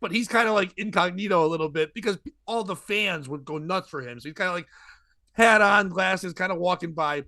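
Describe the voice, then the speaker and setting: Speaking a little fast in a high-pitched voice, a comedian hosting his podcast spins a lengthy funny story and performs each character's lines. He's animated throughout. The recording carries no room sound.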